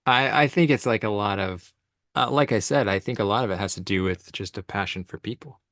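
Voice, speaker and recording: Laid-back man telling stories, low voice. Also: a little fast, dry recording, studio quality. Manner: animated, laughing, slangy storyteller. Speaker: commercial photographer guest. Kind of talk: casual storytelling conversation. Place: event space on stage.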